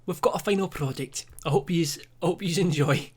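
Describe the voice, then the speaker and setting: A man's voice: on the high side, a little fast, husky. A young Scottish man narrating a comedic vlog in a joking, self-deprecating way, laughing often. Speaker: YouTuber.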